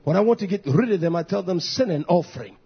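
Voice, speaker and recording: Husky fiery preacher man, lo-fi. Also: expressive. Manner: swings between shouting and low mutters, drawn-out emphasis. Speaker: pastor. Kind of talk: fiery sermon. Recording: dull lo-fi recording.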